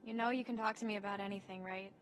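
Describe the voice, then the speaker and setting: A woman's voice: medium pitch, fairly even intonation, very fast, a little hiss or hum, close to an everyday voice. An actress playing a blunt, fiery young woman camp counselor who swears a lot in a game cutscene. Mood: steadying.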